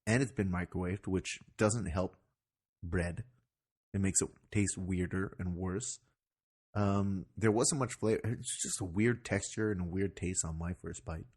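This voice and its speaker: A man's voice: low-pitched, measured pace, darkish tone, slightly rough. A man co-hosting a podcast in casual comedic chat, with dry, mock-blunt humor. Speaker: podcast co-host.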